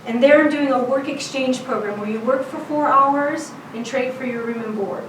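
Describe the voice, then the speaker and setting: A woman's voice: high voice, normal speed, a little hiss or hum. Woman telling a story in an echoey room. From South Side of Chicago. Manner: lively, conversational, laughing at her own story. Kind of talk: personal storytelling performance. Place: storytelling event. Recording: roomy live venue, mic at a distance.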